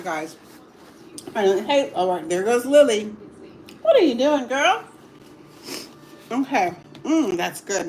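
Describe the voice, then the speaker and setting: A woman's voice: medium pitch, a little hiss or hum. A middle-aged woman chatting casually to her livestream viewers while eating dinner at home, laughing often and murmuring as she tastes the food. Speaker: livestream cooking host. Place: home dining table.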